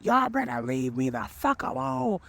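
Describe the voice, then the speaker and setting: A woman's voice: sits low, fairly quick, voice pushed up, natural voice. A man voicing a brash, foul-mouthed mother who is sweet to her date and screams at her kids. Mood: yelling.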